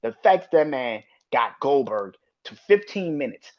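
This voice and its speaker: A man hosting a solo wrestling podcast, talking in a profane, heated rant that swings from low mutters to sharp outbursts. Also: big pitch swings, moderate pace, few pauses, highs cut off. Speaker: podcast host.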